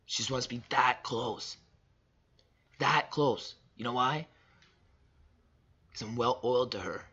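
A man in his thirties delivering a personal motivational monologue, emphatic and repetitive, swinging between loud and soft. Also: medium pitch, fairly even intonation, moderate pace, breathy edge, highs cut off. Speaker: father sharing reflections.

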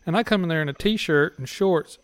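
A podcast guest tells crude stories in casual chat and keeps breaking into laughter as he talks. His voice sits a little high for a man, and it is recorded dry and close, with no room sound. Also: fairly quick, dry recording. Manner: laughs often while telling, crude humor.

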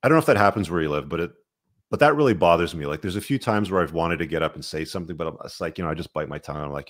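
A man's voice: deep voice, lively intonation, racing. A man hosting a podcast, asking his guest questions in a casual, conversational way. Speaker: podcast host.

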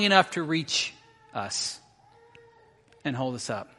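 A man's voice: mid-range voice, sing-song, slow, long pauses, bright, forceful tone. A middle-aged man preaching a sermon as a pastor, telling a story and acting out the quoted lines. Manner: storytelling, acts out quotes with rising intensity. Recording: long reverb of a large hall.

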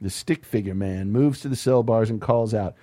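A man's voice: lowish voice, normal speed, dark tone, no echo, studio quality. A man hosting a comedy show who reads a screenplay aloud, with wry asides and frequent laughter at the material. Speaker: podcast host reading a screenplay aloud. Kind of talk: comedic script read-through.

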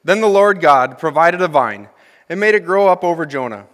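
A young man gives a sermon as associate minister, moving between scripture reading and chatty, humorous asides to the congregation. His voice sits somewhat high for a man. It rings out with a long reverb, as from a church sanctuary. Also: expressive, normal speed, fairly bright tone. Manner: conversational, asks the congregation questions; reads scripture then comments with humor.

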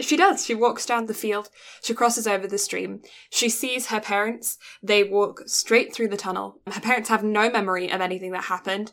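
A woman co-hosting a casual podcast, retelling a film's plot in an animated way with quick quoted voices. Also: mid-range voice. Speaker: podcast co-host. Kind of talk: casual film recap chat.

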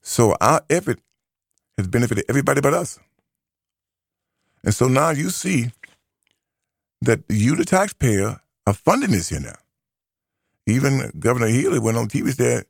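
A man's voice: medium pitch, big pitch swings, moderate pace, vocal fry, long pauses, dry recording, clean studio sound. A man hosting his own radio talk show, giving emphatic opinion commentary and repeating his key phrases.

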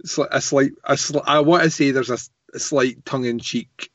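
A man's voice: mid-range voice, moderate pace, a bit bright, no echo. A man co-hosting a casual podcast, joking and correcting himself as he talks. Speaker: podcast co-host. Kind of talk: casual chat. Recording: dull lo-fi mic.

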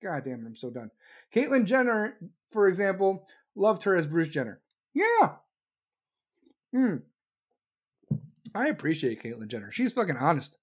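A man's voice: high voice, sing-song, normal speed, slightly rough. A man delivering a profane, sarcastic political rant as commentator. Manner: angry, sarcastic, mocking.

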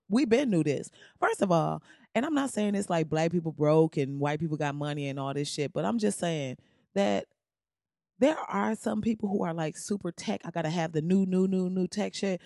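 A podcast host rants in casual commentary, blunt and heavy on profanity, with a sarcastic edge. The voice sits at a mid pitch. The recording is dry and close, with no room sound. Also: lively intonation, normal speed, creaky, a little mellow, no room sound. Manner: sarcastic, laughs at own jokes.

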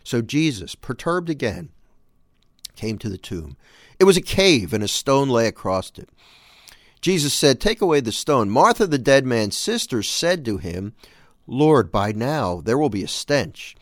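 A man's voice: mid-range voice, big pitch swings, measured pace, no room sound, clean studio sound. A man hosting a show, reading scripture aloud and reflecting on it in an earnest, emphatic way. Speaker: host.

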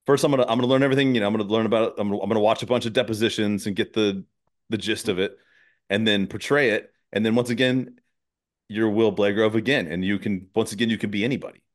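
A man hosting a podcast in casual chat, rambling and excitable, often restarting his sentences. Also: on the low side, quick pace. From southern US. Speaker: podcast host.

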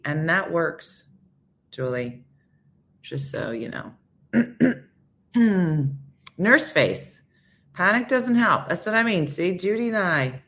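Hosting morning radio, this woman talks slowly with long pauses in a fairly low voice. She chats casually, telling stories and performing the quotes in voices, frequently turning to listeners by name.

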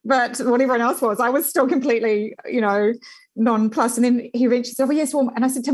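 A woman's voice: on the high side, fast, poor audio. Chatty New woman telling stories. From New Zealand. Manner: animated anecdotes with frequent fillers and laughter. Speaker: journalist guest. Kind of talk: conversational interview storytelling.

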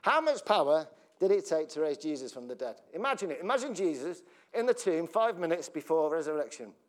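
This pastor's voice runs on the high side, very animated and fairly quick. His sermon is chatty and full of jokes, with frequent laughter, sentences that break off midway, and questions thrown to the congregation.

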